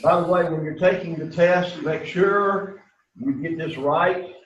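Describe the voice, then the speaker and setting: A man's voice: on the high side, a little slow, muffled recording, slight background noise. A middle-aged man teaching a Greek class, lecturing to students in an emphatic way and repeating his key points.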